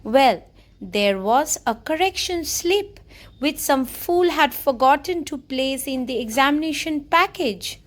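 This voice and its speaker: A woman's voice: high voice, lively intonation, unhurried. A woman teacher who reads a story aloud and then explains each passage in simpler words. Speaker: English teacher.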